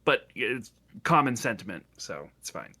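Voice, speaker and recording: A man's voice: mid-range voice, sing-song, normal speed, sharp tone, breathy edge. A man playing a tabletop game, talking in character, stammering and wry. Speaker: player. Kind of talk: casual tabletop banter, in character.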